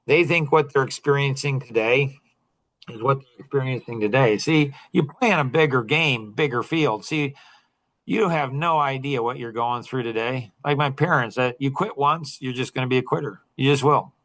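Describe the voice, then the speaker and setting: A middle-aged man hosting a talk tells a story to a group, speaking emphatically and repeating key phrases to drive his points home. His voice is medium-pitched and a bit bright, on a rough recording with no room sound.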